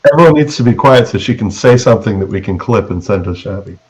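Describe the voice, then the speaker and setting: A man hosting a casual group chat, easygoing and quick to laugh. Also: lowish voice, animated, darkish tone, echoey room, poor audio.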